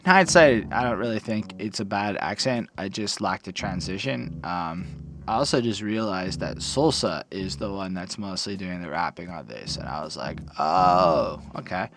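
A man's voice: low voice, expressive, moderate pace. A man casually reviewing rap songs, rambling and swearing loosely as he reads lyrics aloud. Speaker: music reviewer.

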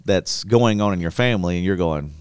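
A man's voice: sits low, fairly quick, darkish tone, clear, resonant tone, dry recording, studio quality. A man who is a pastor and podcast host, chatting casually in a joking, teasing way.

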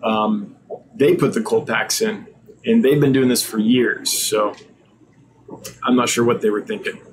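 A man's voice: medium pitch, slight background noise. A tired man hosting a live stream, reading viewer usernames aloud and chatting casually, sometimes stumbling over words.

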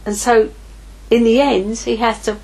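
On a low-quality recording, a middle-aged ministry leader preaches an informal sermon in a voice on the high side: steady, a little slow, gravelly, and a little mellow. She tells a personal story candidly, acting out her own thoughts.

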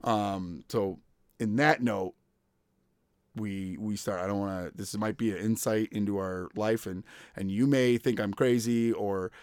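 A man's voice: on the low side, fairly even intonation, measured pace, darkish tone, clean tone, no echo, studio quality. A man in his thirties hosting a podcast, telling stories in casual chat, laughing often and acting out quoted voices. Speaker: podcast host.

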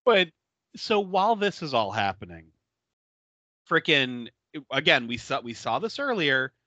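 A man on a podcast, recapping a bad movie in casual chat. His voice is bright and fairly high, and it swings widely as he laughs and acts out the characters. The sound is dry and slightly dull. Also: measured pace, dry recording. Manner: laughing often, animated retelling with quoted voices. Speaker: podcast co-host.

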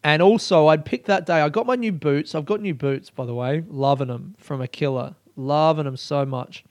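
A man tells a personal story in a loose, animated monologue, swearing freely. His voice sits a little high and stays smooth and clear. The recording is close and dry. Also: normal speed, dry recording. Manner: animated and profane, with frequent laughter. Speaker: solo storyteller.

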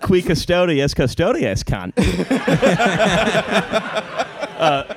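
A man's voice: fairly high pitch, big pitch swings, unhurried, a crowd in the background. A man hosting a casual comedy podcast, reading news and joking, often laughing and swearing. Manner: laughing, jokey, swears freely. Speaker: podcast host.

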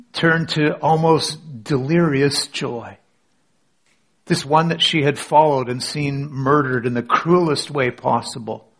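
Husky-voiced male pastor preaching. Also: medium pitch, a bit bright. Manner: dramatic, drops to near whisper for emphasis. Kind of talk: sermon. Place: church with online audience.

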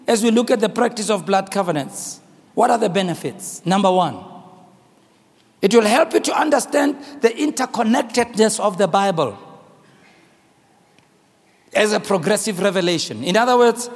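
South african pastor guy preaching loud and dramatic, high gravelly voice. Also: long reverb tail. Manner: dramatic storytelling, acts out voices, often shouts. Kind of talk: sermon.

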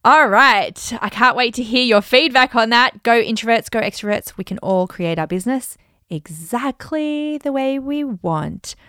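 A woman hosting a podcast, talking in an upbeat, chatty way and slowly repeating affirmations for emphasis. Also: on the high side, sharp tone, smooth, dry recording, studio quality. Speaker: podcast host. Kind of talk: casual motivational podcast talk.

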